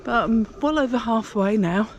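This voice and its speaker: Walking a pilgrimage trail along country paths, an older woman talks casually to the camera in a slightly high voice with lively intonation at normal speed. She rambles, using lots of fillers, in this walking vlog.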